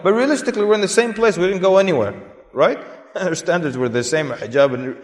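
A man's voice: high-pitched, expressive, brisk. A man giving an Islamic lecture to a live audience, chatty, asking the listeners questions and laughing now and then. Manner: conversational, asks the audience questions, often laughs. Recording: echoey hall recording.

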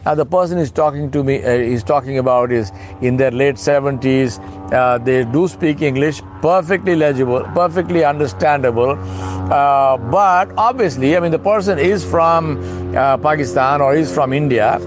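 Middle-aged guy giving a casual sermon, repeats himself a lot, plays out mini dialogues. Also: on the high side. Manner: repetitive, rhetorical questions, acts out dialogues. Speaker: Islamic speaker. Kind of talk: informal sermon talk.

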